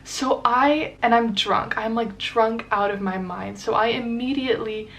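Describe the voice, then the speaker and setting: A young adult woman with a fairly high, creaky, fairly bright voice recounts a dating story on her vlog. She's casual and talkative, rushing along with lots of filler words and acting out what people said.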